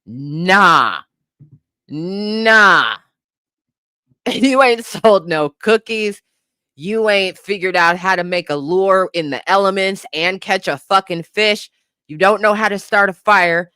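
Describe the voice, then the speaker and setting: A woman co-hosting a podcast, ranting in a profane, animated way and laughing often. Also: medium pitch, takes it slowly, clean tone, no echo, studio quality. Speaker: podcast co-host. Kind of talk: casual comedic commentary.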